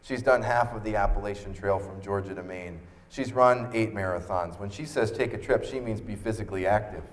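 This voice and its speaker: A man speaks from an expo stage with a fairly low voice, telling a personal story earnestly. His voice carries a long reverb from the hall. He switches into lively voices when he quotes people. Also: a little fast, hardly any pauses, slight background noise. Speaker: keynote speaker.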